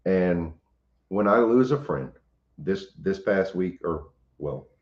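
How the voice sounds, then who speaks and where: A homestead channel host with a very deep, expressive voice chats casually on a home livestream, pausing and restarting as he greets viewers. The audio is roomy and slightly dull.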